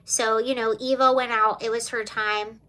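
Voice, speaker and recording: Tearing up mid-stream, a female livestream host speaks emotionally to her audience in a casual setting. Her voice is on the high side and fairly bright in tone, moving little in pitch while keeping a moderate pace.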